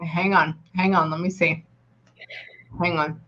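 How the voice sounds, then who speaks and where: A woman working as a psychic medium, reading for a sitter and relaying messages in halting bursts, often pausing to say hang on. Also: on the low side, flat delivery, bright, forceful tone, muffled recording.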